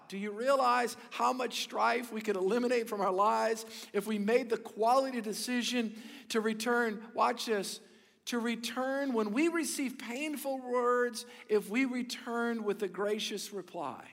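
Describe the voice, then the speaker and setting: A pastor preaches a sermon in a high voice, swinging between loud emphasis and quiet, intimate asides. His words ring out with a long reverb through the church. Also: unhurried, gravelly.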